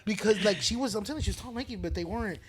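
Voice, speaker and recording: Brief: comedian man swapping stories on a podcast, loud and profane, often laughing, a touch high-pitched. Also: racing. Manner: loud, laughing, profane storyteller acting out voices. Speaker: comedian guest. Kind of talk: casual podcast storytelling.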